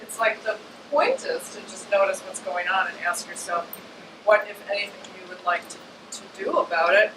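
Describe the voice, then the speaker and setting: A woman astrologer in an informal talk to a live audience, chatty and animated, often slipping into little acted-out voices. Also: mid-range voice, moderate pace. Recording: echoey room, distant mic, air conditioning hum.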